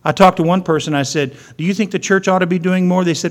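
A man's voice: high-pitched, steady tone, quick pace, few pauses. A man preaching a sermon, telling stories and acting out the people in them. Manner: storytelling, acting out quoted voices. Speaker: pastor.

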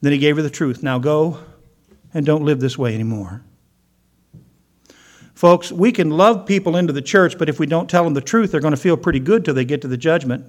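Storytelling pastor, fairly high voice. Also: male voice, fast, few pauses. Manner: storytelling, acting out quoted voices. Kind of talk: sermon.

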